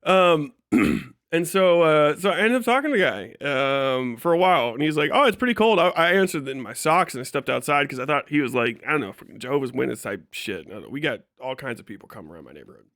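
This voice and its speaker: A man's voice: mid-range voice, quick pace, no echo, clean studio sound. A man from Kentucky telling a story on his livestream, swearing freely and laughing often. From Kentucky, USA. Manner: profane, animated retelling, frequent laughs. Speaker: live streamer.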